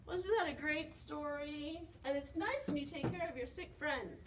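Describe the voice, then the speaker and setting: A woman's voice: sits high, moderate pace. A woman, a children's librarian, reading a picture book aloud at preschool storytime, asking the kids questions and gasping for effect. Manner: animated, asks kids questions, gasps for effect. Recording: distant mic with faint background noise.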